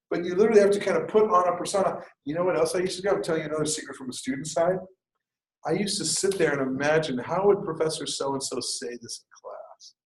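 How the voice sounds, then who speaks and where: Jokey male writing instructor in an echoey classroom. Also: fairly high pitch. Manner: lively, conversational, jokey asides. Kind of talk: classroom lecture.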